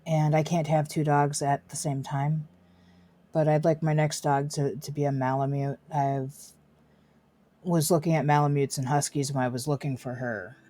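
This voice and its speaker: A woman's voice: low-pitched, flat delivery, normal speed, dark tone. A woman streaming a game from her desk at home, chatting casually and slipping into baby talk with her dog. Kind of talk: casual chat while streaming.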